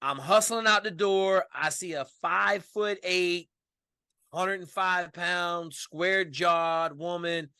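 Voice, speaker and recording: A man with a bright, forceful voice pitched a little high tells stories on a podcast. His delivery is emphatic, colloquial and animated. The sound is dry and close. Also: slow, clean tone, dry recording. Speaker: podcast guest. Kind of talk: casual storytelling interview.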